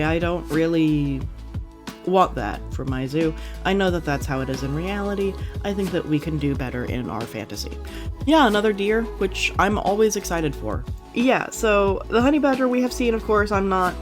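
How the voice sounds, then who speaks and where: A friendly gaming commentator chats through a new content pack in an easygoing, rambling way, full of fillers and self-corrections. The delivery is upbeat and enthusiastic, with faint music running quietly in the background. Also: medium pitch, expressive, normal speed. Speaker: gaming YouTuber. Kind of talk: casual reaction commentary.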